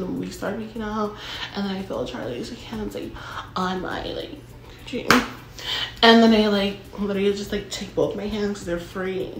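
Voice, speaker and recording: A young woman tells a story in a loose, chatty way, piling on filler words and dramatic asides. Her voice sits at an ordinary pitch for a woman. The room around her is echoey. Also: a little hiss or hum. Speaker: vlogger telling a story. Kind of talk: casual storytime monologue. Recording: roomy echo.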